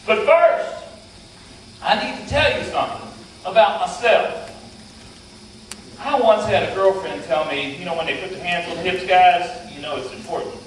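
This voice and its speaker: A man's voice: sits high, moderate pace, pauses often, a little hiss or hum. A middle-aged man with a West Virginian Appalachian accent, telling a humorous tall tale in a folksy, playful, self-deprecating way. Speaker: storyteller. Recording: echoey hall, mic from far off.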